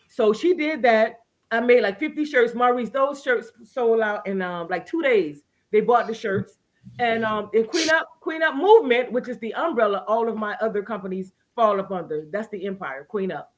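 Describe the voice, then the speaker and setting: A woman's voice: fairly high pitch, animated, fairly quick. A woman guest in an interview, telling a personal story earnestly and with feeling, often restarting her sentences. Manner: earnest, emotional testimony with many restarts. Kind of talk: casual interview conversation.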